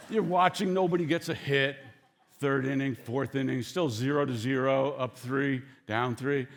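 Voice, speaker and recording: A man delivering a sermon with a lively, swooping delivery that climbs high when he acts out the characters. He tells the story in a chatty way and stops now and then to speak straight to the congregation. His voice sits a little above the usual pitch for a man. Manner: animated storytelling, acts out quoted lines; conversational asides to the congregation. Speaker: pastor.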